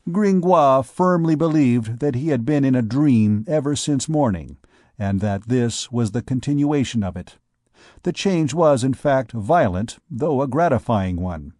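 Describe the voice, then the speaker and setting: A man reading a classic novel aloud as an audiobook narrator, measured and deliberate. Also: mid-range voice, animated, mellow, dry recording, studio quality. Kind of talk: scripted narration.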